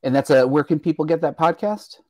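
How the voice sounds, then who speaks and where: A man's voice: a little high, brisk, a little mellow, dry recording. A man co-hosting an interview, teasing and prompting the guest in a casual chat. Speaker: podcast co-host.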